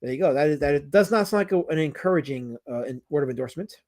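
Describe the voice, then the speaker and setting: A man's voice: a little high, lively intonation, fast talker, a little mellow. Rambling male livestream host. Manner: rambling, many restarts and fillers. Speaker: livestream host reading chat. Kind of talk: casual livestream talk.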